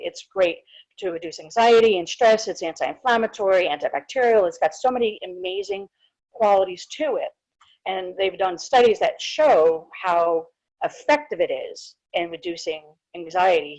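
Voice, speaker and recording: A woman's voice: lowish voice, a little mellow, muffled recording. A woman who is a dental hygienist presents a live webinar in a chatty, informal way, with many small asides. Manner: chatty, informal, frequent fillers and restarts. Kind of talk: casual live webinar talk.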